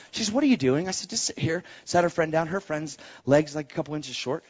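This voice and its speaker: A man preaching and telling a testimony story, animated, acting out the voices of people in his story and rising to shouts as he exhorts. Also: a little high, fast, hardly any pauses. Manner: animated, acts out quoted voices. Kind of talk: sermon storytelling.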